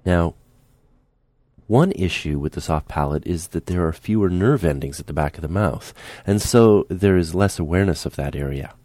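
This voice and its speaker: A man teaching a speech lesson, calm and patient, demonstrating the sounds aloud as he explains them. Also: deep voice, moderate pace, no echo.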